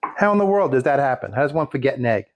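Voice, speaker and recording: A man's voice: mid-range voice, very animated, quick pace. A man casually showing a recipe in his home kitchen, rambling with folksy jokes and asides. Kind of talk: casual cooking demonstration.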